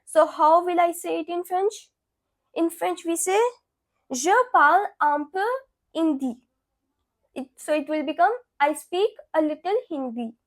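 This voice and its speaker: A young woman teaches beginner French at a very slow, careful pace, saying every phrase twice. Her voice sits very high. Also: darkish tone. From India. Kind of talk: beginner language lesson.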